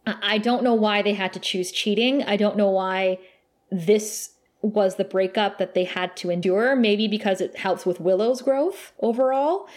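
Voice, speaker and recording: A woman co-hosting a casual podcast, talking through a TV episode. She gushes and laughs often as she tells the story. Her pitch sits in a plain middle range. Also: moderate pace. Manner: emotional, gushing, laughs often. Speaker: podcast co-host. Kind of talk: casual chat recapping a TV episode.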